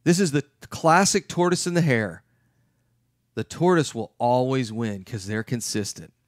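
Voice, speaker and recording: A middle-aged man giving an emphatic, lively talk as a real estate investment educator. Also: medium pitch, measured pace, no echo, studio quality. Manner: emphatic, acts out his clients' questions.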